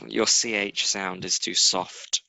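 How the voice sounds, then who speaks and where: A man's voice: low voice, level tone, takes it slowly, vocal fry, bright, forceful tone, no room sound, poor audio. A man co-hosting a podcast in casual chat, with a dry teasing humor. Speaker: podcast co-host.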